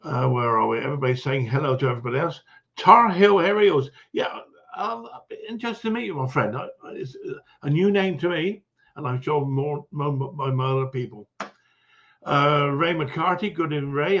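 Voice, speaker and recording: A man's voice: fairly high pitch, animated, brisk, fairly bright tone, highs cut off. Chatty man hosting a livestream. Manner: chatty, greets viewers one by one, chuckles often. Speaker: livestream host. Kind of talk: casual livestream chat.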